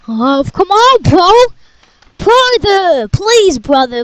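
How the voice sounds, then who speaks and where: High-voiced woman acting out a chaotic story. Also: sing-song, slow, slight background noise, poor audio. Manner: dramatic shouting and playful voices. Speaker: storyteller voicing all parts. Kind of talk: improvised game story role-play.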